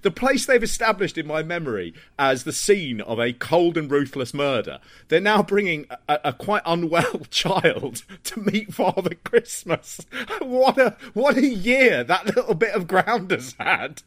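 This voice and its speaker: Male co-host, animated and slightly high, mocking comic delivery. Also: a little slow, few pauses, no echo. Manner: laughing, mocking asides. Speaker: podcast co-host. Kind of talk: casual comic chat.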